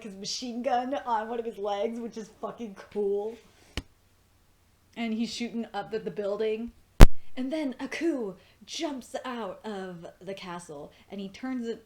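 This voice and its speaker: Excitable woman gushing as a fan reviewer. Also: a little hiss or hum. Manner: excitable, gushing, swears freely, laughs often; voice leaps high when excited. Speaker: TV episode reviewer. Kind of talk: casual fan review commentary.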